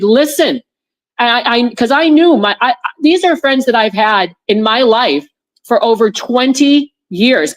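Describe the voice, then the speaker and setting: A woman guest in an interview, telling a personal story in a rambling way with many restarts and repeated words, on a video call. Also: on the high side. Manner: animated when recounting her friends' words.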